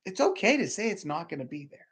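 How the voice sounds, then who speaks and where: Guy preaching off the cuff, rambly, keeps restarting, gets loud then drops way down. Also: high voice, sing-song, quick pace, breathy edge. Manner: rambling, repeats himself, restarts sentences. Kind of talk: informal sermon.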